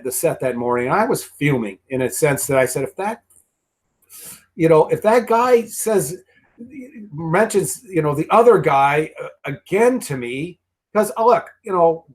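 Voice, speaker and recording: A man, a guest actor, telling behind-the-scenes stories in a rambling, profane way full of restarts. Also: medium pitch. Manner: rambling and profane, many restarts and repeated words. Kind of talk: casual commentary storytelling.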